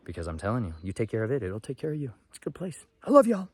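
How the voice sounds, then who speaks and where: Folksy, excitable man on a forest walk. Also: lowish voice, racing, dry recording. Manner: folksy, excitable, talks straight to viewers. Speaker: homesteader vlogger. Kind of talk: walk-and-talk forest vlog. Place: outdoors in a forest.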